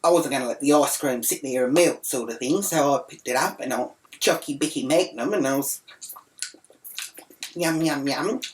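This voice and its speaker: Brash foul-mouthed Australian woman, low voice. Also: a little fast, few pauses. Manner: brash, crude, rambling. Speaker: storyteller. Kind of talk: comic rant monologue.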